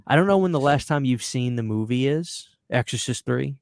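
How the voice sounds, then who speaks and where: A mid-pitched man talks fast and loose on a podcast, cursing freely and repeating himself as he gets fired up. The sound is dry and close, with no room around it. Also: vocal fry, no echo. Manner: excitable, swearing, repeats words when worked up. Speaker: podcast host. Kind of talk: casual chat.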